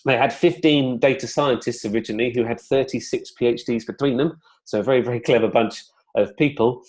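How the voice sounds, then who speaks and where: A man giving an explanatory webinar presentation in a conversational, relaxed way, with plenty of fillers and asides. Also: medium pitch, brisk.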